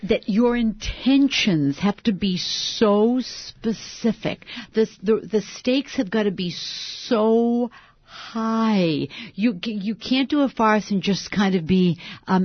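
A woman in her sixties, an actress interviewed as a guest, talking in a lively, self-deprecating way with frequent laughs. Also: mid-range voice, no echo, dull audio. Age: 60s. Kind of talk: interview conversation.

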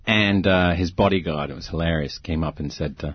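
Deep husky man telling an animated story. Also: brisk, hardly any pauses, muffled recording. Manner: animated anecdotes, acting out quoted voices, frequent laughs. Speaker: interview guest, actor. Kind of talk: storytelling in a conversational interview.

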